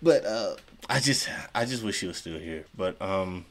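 A man's voice: low-pitched, moderate pace, slight background noise. A man hosting a reaction video, chatting casually and exclaiming as he watches. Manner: animated, exclaiming, laughing along. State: a little out of breath. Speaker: reaction channel host.

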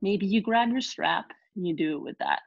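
A woman teaching a live online yoga class, giving calm step-by-step cues between sighs and exhales. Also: medium pitch, normal speed, vocal fry, lo-fi sound. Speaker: yoga instructor.

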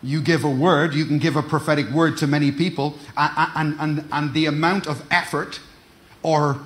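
A man's voice: fairly high pitch, fairly even intonation, moderate pace, a bit bright. A middle-aged man preaching a sermon, calling out to the congregation and restarting words as he goes. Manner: preaching with call-and-response, repeats words, stumbling restarts. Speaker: pastor.

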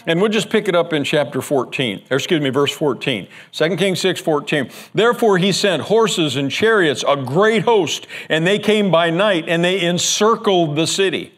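A man preaching a sermon as pastor, telling a Bible story with lively acted-out lines, repeating words as he goes, and sinking into a hushed prayer. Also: normal speed, hardly any pauses. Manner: animated storytelling, acting out the scared servant in a high strained voice; drops to a hushed, low prayer.

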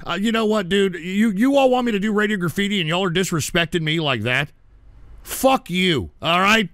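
A man hosting a livestream show, ranting angrily at a viewer with constant insults and bursts of shouting. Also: high-pitched, dry recording, studio quality. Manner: angry, insulting, frequently shouting. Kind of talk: profane ranting livestream talk.

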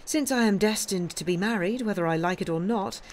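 A woman's voice: medium pitch, fairly quick, slight background noise, pitched above the performer's own voice, close to an everyday voice. A woman voicing a proud, outspoken young heiress who talks in firm, ringing tones. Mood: defiant.

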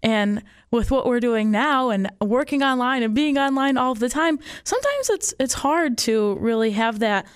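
A woman's voice: on the high side, animated, normal speed, few pauses, clean tone. A woman guest on a podcast who coaches instructors, talking in a friendly, conversational way. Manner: friendly, conversational, laughs often. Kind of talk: casual podcast talk.

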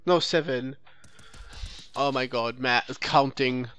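Slow and steady, a man with a medium-pitched, fairly bright, smooth voice commentates with no echo. He narrates his own card game run as a let's play host, reasoning aloud, amending sentences midway, and critiquing his opponent's moves.

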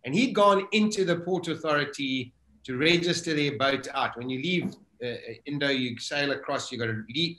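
A man's voice: on the high side, echoey room. A middle-aged South African man vividly retelling a survival story as an interview guest. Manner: vivid, animated retelling with acted-out self-talk.

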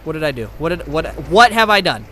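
A man playing a video game for his channel, excitable and yelping when things go wrong, muttering to himself in calmer moments. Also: on the high side, quick pace, slight background noise. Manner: excitable, yelps and panics, then mutters to himself. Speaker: gaming YouTuber. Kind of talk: let's play commentary.

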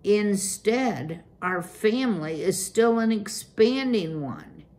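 A woman's voice: mid-range voice, animated, slow, a little mellow, pitched above the performer's own voice. A woman voicing a pompous, scolding old male mouse, the head of a large family, in a storybook reading. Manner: scolding, haughty.

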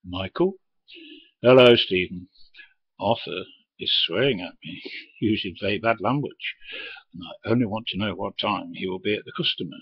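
Speaking at a normal pace in a lowish voice with a breathy edge, the older ex-trucker recounts his driving days without sugarcoating anything. Profanity flows freely as he voices himself and the other characters. The audio is dry and lacks high frequencies.

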